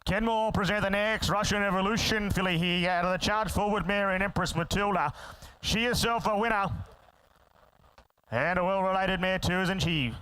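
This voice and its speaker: A high, bright male voice, calling bids as an auctioneer in a rapid rattling chant. His tone is smooth and clear, and he throws quick teasing asides to the bidders between calls. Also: dry recording, low-quality recording. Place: sale ring.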